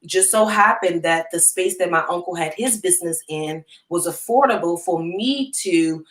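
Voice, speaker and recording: A woman's voice: on the low side, moderate pace. A woman in her thirties, a business owner and guest, telling her personal testimony in a casual way with many fillers. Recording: echoey room.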